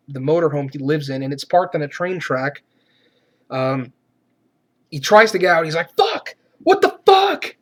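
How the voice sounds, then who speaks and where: A man with a high-sitting voice reviews a movie in a profane, exasperated rant, swearing often and shouting to mock the characters.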